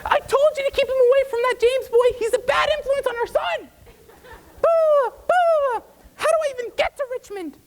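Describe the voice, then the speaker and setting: A man voicing a panicked, scolding mother who shrieks and nags in a very high voice. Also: quick pace, hardly any pauses, a little hiss or hum. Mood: frantic. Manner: shrieking, nagging, babbling. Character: shrill frantic scolding mother, middle-aged.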